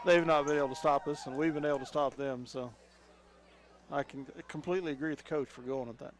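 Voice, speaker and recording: A man calling plays for a local high school football broadcast. His voice sits a touch higher than most men's, and he talks in a folksy, excitable way, chuckling now and then between calls. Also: fast talker, some chatter behind, slight background noise. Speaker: play-by-play announcer. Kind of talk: local sports commentary.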